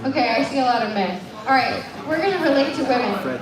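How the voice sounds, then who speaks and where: A woman's voice: sits high, expressive, quick pace, few pauses. A woman doing stand-up at an open mic, chatty and self-mocking, quizzing the audience. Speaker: stand-up comic. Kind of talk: stand-up with crowd work. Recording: echoey club from far off, with a loud crowd.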